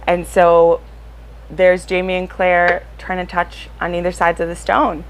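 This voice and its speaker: A young woman talks to camera about her reading in a loose, chatty way. Her voice sits a little on the low side, and she bubbles with eager energy, padding her sentences with plenty of fillers. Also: a little slow, a little hiss or hum, rough recording. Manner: chatty and excitable, with frequent fillers. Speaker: book vlogger. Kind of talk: casual chat to camera.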